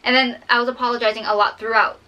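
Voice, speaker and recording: A woman's voice: on the high side, level tone, fast talker, bright, forceful tone, muffled recording. A young woman vlogger telling a personal story while drawing, fighting back tears and rambling with many fillers.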